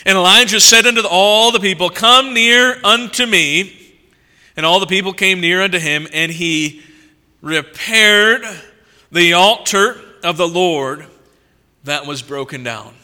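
A male preacher reading scripture aloud and commenting on it in an animated sermon, swinging between loud emphasis and quiet asides. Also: high voice, measured pace, clear, resonant tone. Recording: long reverb from a large hall.

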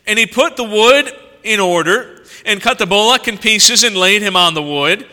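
A male preacher reading scripture aloud and commenting on it in an animated sermon, swinging between loud emphasis and quiet asides. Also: high-pitched, moderate pace. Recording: long reverb from a large hall.

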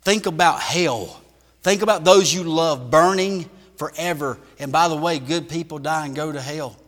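A man preaching a sermon in a church, shifting from loud emphatic bursts to hushed lines. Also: a little high, normal speed, big-room sound. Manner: emphatic preaching with big swings in volume.

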